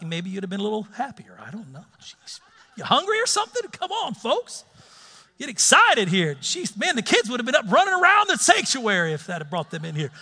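Lively high-voiced preacher in echoey church. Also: male voice. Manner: lively, urging the congregation to join in. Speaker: pastor. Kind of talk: sermon. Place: church sanctuary.

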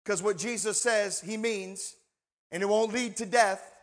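A man preaching a sermon and reading scripture aloud, slow and emphatic, asking his listeners rhetorical questions. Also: sits high. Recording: long reverb in a large hall.

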